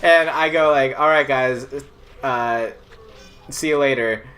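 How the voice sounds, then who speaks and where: A man's voice: medium pitch, slow, a bit bright, soft background music. A young man casually telling a personal story, rambling with lots of fillers and laughing as he goes. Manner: rambling, filler-heavy, laughs through the tale.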